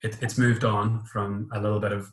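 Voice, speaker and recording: A man with a Northern Irish accent, a pharmacist talking in a relaxed, matter-of-fact way in a casual podcast chat. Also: lowish voice, moderate pace, reverberant, low-quality recording. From Northern Ireland. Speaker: pharmacist guest.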